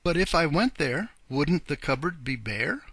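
A man voicing a kindly old rabbit gentleman who speaks in a polite, old-fashioned, earnest way. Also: fairly high pitch, big pitch swings, unhurried, slightly rough, dry recording, voice pushed up, full character voice. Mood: worried.

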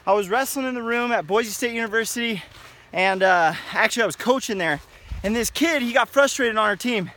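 A man's voice: high-pitched, brisk, pushed and bright. A middle-aged man, a wrestling coach, giving an emphatic motivational pep talk outdoors while on a run, often checking in with "okay?". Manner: emphatic, repetitive, tags lines with "okay?".

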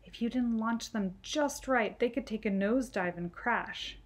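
A woman reading a children's book aloud, gentle and clear. Her storytelling is calm and even-paced. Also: on the high side, measured pace. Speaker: storytime reader.

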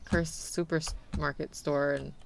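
A woman's voice: deep voice, flat delivery, slow pace, creaky, a little hiss or hum. A young woman streaming a game, chatting animatedly with her viewers and laughing often. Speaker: VTuber streamer. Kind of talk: casual gameplay commentary.

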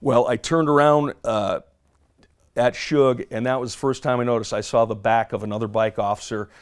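A man, a former police officer, telling a story in an archival interview in a measured, halting way. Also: medium pitch, fairly even intonation, smooth.

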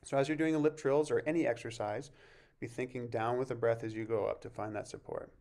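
A man teaching a vocal masterclass, explaining warm-ups and breathing in a relaxed way and breaking off to sing short examples. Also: medium pitch, fairly quick. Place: music camp masterclass recording.

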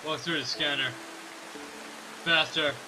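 A man's voice: medium pitch, a little slow, background noise. A man giving joking let's play commentary, swearing and talking back to the game's characters. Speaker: gameplay commentator.

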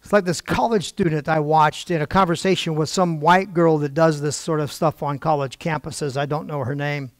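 Older man, preacher, story-driven sermon, acted-out quotes, wry asides, slightly high voice, dry close sound. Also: steady tone, moderate pace, few pauses, dry recording.

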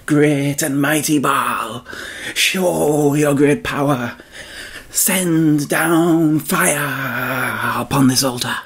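A man puts on a crowd of frenzied male priests in a storybook telling, wailing high, loud and slow, as if calling from further off. Underneath sits the same gravelly, husky grain. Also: steady tone, exaggerated voice. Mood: frenzied chant. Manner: chanting, wailing pleas.

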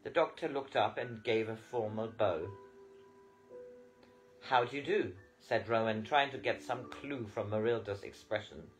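A man reading a novel aloud as an audiobook narrator, with lively storytelling. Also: on the low side, moderate pace, few pauses, poor audio. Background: faint guitar music.

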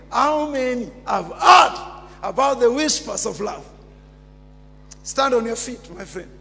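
High-voiced pastor preaching with fervor. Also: male voice, creaky. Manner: emphatic preaching, repeats phrases, bursts into shouts. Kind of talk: sermon. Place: church. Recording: long church reverb with music behind.

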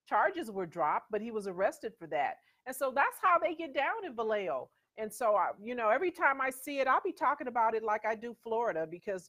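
Emphatic woman host telling stories. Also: mid-range voice. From USA. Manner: conversational and emphatic, storytelling with quoted voices. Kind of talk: casual commentary.

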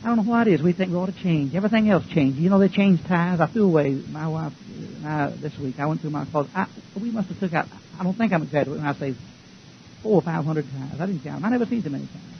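A pastor with a slightly high voice and some vocal fry preaches fast, folksy and emphatic, peppering his congregation with rhetorical questions. The recording is lo-fi and dull, with a faint hiss.

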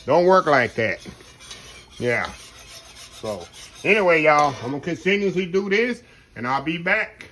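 Man, middle-aged, folksy rambling cooking host, slightly higher voice. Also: animated, a little slow, long pauses, a bit bright. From Texas. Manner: folksy, rambling, addresses viewers as y'all. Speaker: home cook host. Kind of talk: casual cooking demonstration.

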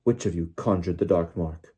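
A man's voice: deep voice, normal speed, warm tone, husky. A man voicing a cold, curt, furious male official who snaps accusations, in an audiobook reading. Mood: accusing. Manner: snapping accusations. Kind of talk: audiobook character voice.

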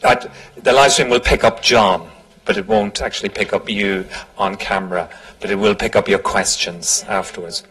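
A man's voice: lowish voice, fairly even intonation, moderate pace, hardly any pauses, fairly bright tone, slightly rough, low-quality recording. A man hosting a public talk, giving housekeeping notes and an informal, chatty introduction. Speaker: event host. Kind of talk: event introduction.

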